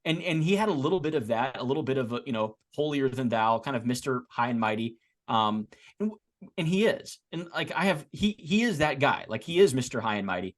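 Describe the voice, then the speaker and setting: A man co-hosting a casual sports podcast, talking in a rambling way with restarts, getting animated as he makes his points. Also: mid-range voice, a little fast. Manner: rambling, frequent restarts and repeated words. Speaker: podcast co-host.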